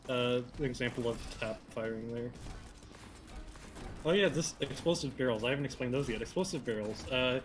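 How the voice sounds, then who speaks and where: A man's voice: mid-range voice, moderate pace, faint music behind. Casually joking male game commentator. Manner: joking, dry sarcasm, stumbles over words. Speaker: speedrun commentator.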